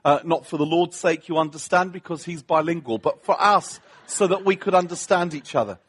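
A British man preaching a humorous sermon, telling a story with self-mocking asides in an animated way. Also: a little high, a little fast, husky. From Britain.

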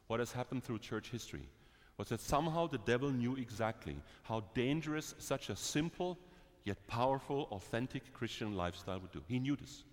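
A man preaching and telling stories, swinging from bright, lifted moments to quiet, low asides with a chuckle. His voice sits at a middle pitch and rings out with a long tail of reverb, as if it fills a big church hall. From Germany. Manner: lively, chuckling, swings between bright and hushed. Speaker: missionary preacher. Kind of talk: sermon with personal storytelling.

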